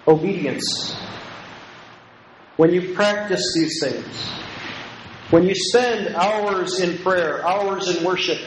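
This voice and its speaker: A man preaching an emphatic, repetitive Bible lecture and leading call-and-response with his listeners. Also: high voice. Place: lecture hall. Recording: echoey room with faint noise.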